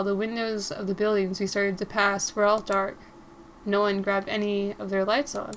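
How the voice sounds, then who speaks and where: A woman's voice: medium pitch, slight background noise. A young woman reading a visual novel aloud, narrating casually and breaking off to comment and giggle. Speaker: gaming creator.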